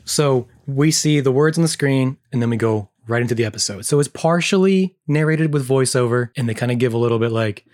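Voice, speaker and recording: A woman co-hosting a podcast, casually chatting and recapping a TV episode with jokey asides and quick laughs. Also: very deep voice, a little mellow. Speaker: podcast co-host.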